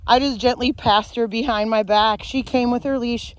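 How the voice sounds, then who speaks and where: A woman's voice: fairly high pitch, steady tone, moderate pace, a little hiss or hum. A woman dog trainer walking a dog outdoors, explaining each step of her method to viewers and stopping to praise the dog. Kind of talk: instructional demonstration while walking a dog.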